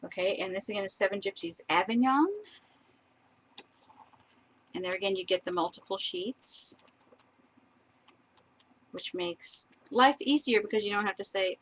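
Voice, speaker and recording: A woman's voice: mid-range voice, lively intonation, unhurried, long pauses, low-quality recording. Chatty woman on a craft stream. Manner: chatty, laughs often, admiring asides. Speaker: crafter showing papers. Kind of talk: casual live-stream craft demo.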